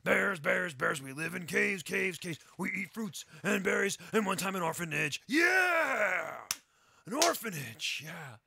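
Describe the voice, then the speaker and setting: A man voicing a trio of cheerful, savage bears who chant a shouted sing-song jingle. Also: on the high side, a little fast, few pauses, slightly rough, full character voice. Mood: rowdy singing. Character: three singing bears, cheerful and gleefully savage.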